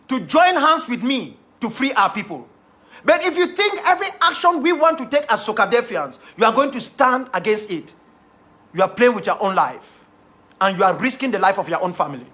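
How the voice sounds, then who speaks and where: Speaking in an extremely high, bright voice with real force, a man with a Cameroonian English accent delivers a defiant, impassioned monologue to his followers as their activist leader. He repeats key phrases for emphasis.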